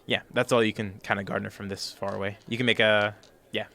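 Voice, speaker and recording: A man's voice: fairly low pitch, little pitch movement, a little fast, creaky, sharp tone. A man narrating as game master in a tabletop game, rambling with many ums and restarts. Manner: rambling, lots of fillers and restarts.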